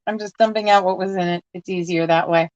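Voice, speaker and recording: A woman's voice: fairly low pitch, fairly even intonation, quick pace, darkish tone, no room sound. Woman, casual vlogger, rambling, self-amused, muffled dry home recording. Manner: chatty, rambling, laughs at herself. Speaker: crafting vlogger. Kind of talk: casual chat while sorting a box.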